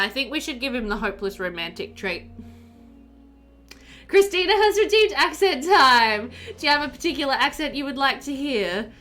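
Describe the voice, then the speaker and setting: A woman's voice: mid-range voice, bright, forceful tone. A woman with a South Australian accent, chatting casually on a game stream, reading chat aloud and laughing often.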